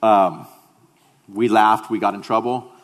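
A man's voice: on the low side, steady tone, takes it slowly, in a large hall. A male pastor giving a sermon, telling a personal story in a humorous, conversational way.

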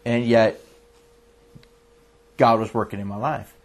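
A man's voice: on the low side, slow pace. A man preaching a sermon as a pastor, telling stories earnestly and often restarting his sentences. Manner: earnest, animated storytelling with frequent restarts.

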